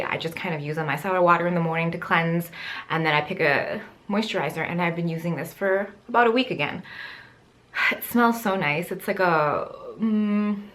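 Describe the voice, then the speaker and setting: A woman's voice: mid-range voice, fairly bright tone. A woman beauty vlogger at home, talking casually and rambling through her skincare and makeup products into a camera mic. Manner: chatty, rambling product run-down with fillers. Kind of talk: casual makeup vlog talk.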